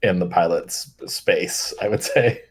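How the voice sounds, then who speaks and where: Low-pitched guy running the game, lots of likes and ums, keeps laughing. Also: slow pace, breathy edge. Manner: rambling, filler-heavy, laughs often. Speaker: game master. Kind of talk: narrating a tabletop game.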